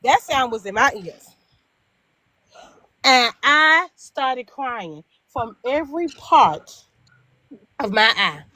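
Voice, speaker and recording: A middle-aged woman telling a personal story in casual chat, animated and emphatic, acting out both sides of the dialogue. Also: high-pitched, slow, pauses often, dry recording. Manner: emphatic repetition. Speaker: guest storyteller.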